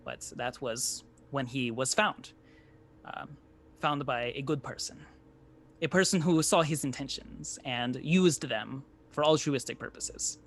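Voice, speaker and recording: A man voicing a grandiose male traveling storyteller with a Sicilian Italian accent, reading a written tale aloud in a solemn, measured way. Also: mid-range voice, fairly bright tone.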